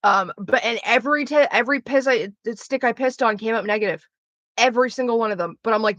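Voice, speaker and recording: A woman's voice: fairly high pitch, quick pace, a bit bright, no echo, lo-fi sound. Blunt, profane young woman. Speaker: streamer. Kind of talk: candid casual chat.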